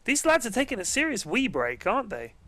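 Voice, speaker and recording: High-voiced, joking male game caster. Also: huge pitch swings, a little fast, sharp tone, dry recording. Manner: chatty, profane and joking. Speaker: esports caster. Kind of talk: casual game commentary.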